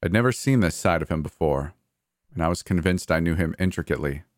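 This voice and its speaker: A man with a very low voice narrates a first-person horror story. His delivery is measured and somber. The recording is dry and close, with no room sound. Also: animated, dry recording.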